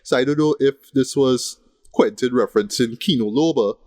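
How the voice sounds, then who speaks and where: A man's voice: medium pitch, moderate pace, a little mellow, no room sound, studio quality. A man co-hosting a casual film review podcast, rambling and tagging sentences with "right?". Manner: rambling, repeats "right?" often. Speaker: podcast co-host.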